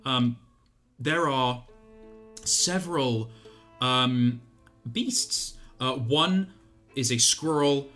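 A man narrating as game master, pausing often with fillers. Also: mid-range voice, sharp tone. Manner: hesitant, filler-heavy. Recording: faint music behind.

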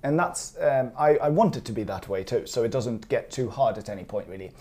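Mellow, easygoing tutor; conversational, digressive, quick to laugh. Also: mid-range voice, lively intonation. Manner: chatty, digressive, laughs easily. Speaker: language teacher. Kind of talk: casual spoken lesson.

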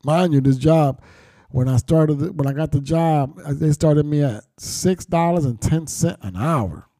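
A man's voice: on the high side, a little slow, dark tone, dry recording, clean studio sound. A middle-aged man telling his life story candidly, blunt and profane, with street slang and reflective turns. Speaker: storyteller recounting his past.

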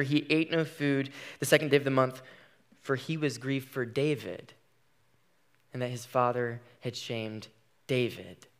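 A man's voice: medium pitch, clear, resonant tone. A man preaching a sermon, retelling a story with dramatic, emphatic delivery.

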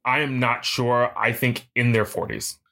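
Man, late thirties, podcast co-host, animated storyteller, bright tone. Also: medium pitch, a little slow, creaky. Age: late 30s. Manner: animated storyteller, acts out quotes, many restarts. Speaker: podcast co-host, PhD student. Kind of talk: casual chat.

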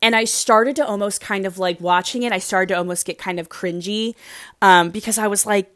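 A woman's voice: medium pitch, fairly even intonation, moderate pace, no echo, clean studio sound. Gushing, rambling woman recapping a show. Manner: gushing, rambling, heavy use of "like". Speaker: reality show recap host. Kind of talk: casual chatty recap.

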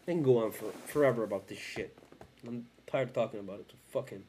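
A man's voice: mid-range voice, quick pace, a little mellow, husky. A tired man hosting a fan podcast, ranting in a profane, rambling and heated way late at night. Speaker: sports fan podcast host. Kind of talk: casual rant.

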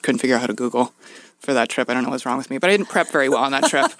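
A woman guest on a podcast, telling a story with energy, laughing often and rushing in quick bursts. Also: rumbling low, expressive, fairly bright tone, no echo. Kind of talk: animated anecdote telling.

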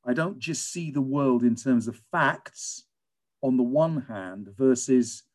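A British man, a teacher and guest, telling lively stories in a conversational interview. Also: medium pitch, slow pace. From England. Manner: animated storyteller, lively and emphatic.

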